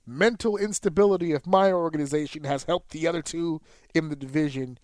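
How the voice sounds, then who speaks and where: A man in his thirties co-hosting a casual podcast, telling a sports story in an animated, profane way and jumping up sharply in pitch when excited. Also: brisk, no room sound. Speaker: podcast co-host.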